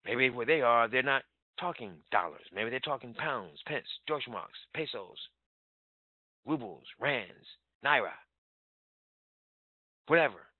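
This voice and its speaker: A man's voice: mid-range voice, animated, unhurried, pauses often, dry recording. Urgent, emphatic male motivational trainer; dry, phone-quality sound. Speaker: sales trainer. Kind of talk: motivational business training talk. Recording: tinny phone-like line, dry.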